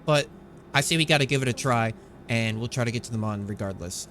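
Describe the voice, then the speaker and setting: A man's voice: medium pitch, fast, a bit bright, slight background noise. A man hosting his gaming channel, talking through a space game in a chatty, rambling way at his desktop microphone. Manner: chatty, rambling, self-correcting. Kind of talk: casual gameplay commentary.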